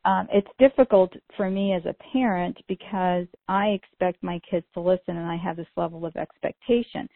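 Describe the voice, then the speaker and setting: A middle-aged woman talks casually on a podcast, telling stories with many fillers. Her voice sits a little low and sounds gravelly. The recording is dry and thin, like a phone line. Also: moderate pace, hardly any pauses, no room sound. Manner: chatty, storytelling, many "you know" fillers. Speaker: podcast co-host.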